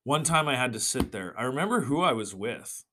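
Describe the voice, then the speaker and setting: A young man hosting a solo podcast, ranting with swearing and sudden shouted bursts. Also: mid-range voice, big pitch swings, a little fast, noisy background. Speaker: podcast host.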